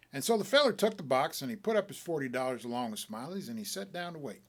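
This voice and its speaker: A man reading a short story aloud as a folksy, animated tall-tale teller. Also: mid-range voice, fast talker, hardly any pauses.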